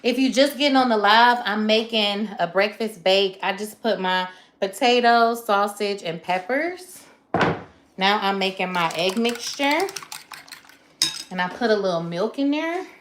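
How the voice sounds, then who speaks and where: A woman hosts a livestream cook-along from her home kitchen, chatting with viewers and walking through each step. Her voice is mid-range with a measured pace, and the roomy kitchen echo carries background noise and the clatter of dishes and pans.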